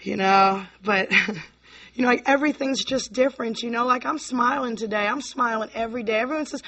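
On the high side and a little fast, her bright, forceful voice tells a convention audience about her recovery. The Virginia native speaks candidly and rambles, peppering it with "you know, like" and drifting from laughs to near tears.

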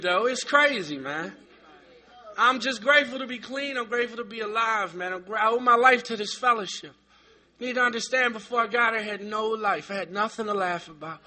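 A middle-aged man telling his story at a recovery meeting, profane and comic, shouting at times and then going quiet and sincere. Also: very high voice, animated, brisk. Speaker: speaker sharing at a recovery meeting. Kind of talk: raw comedic testimony. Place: meeting room.

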